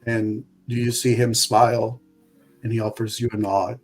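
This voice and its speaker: A man narrating as game master of a tabletop game, describing items and scenes slowly. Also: mid-range voice, flat delivery, a little mellow, slightly rough, soft background music.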